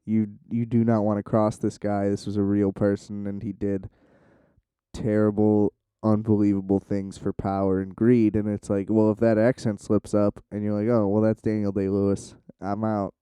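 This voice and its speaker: A man's voice: fairly low pitch, level tone, normal speed, warm tone, smooth, dry recording. A young man rambling casually to the camera in a loose, profane way, with lots of "like" and restarts. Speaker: vlogger.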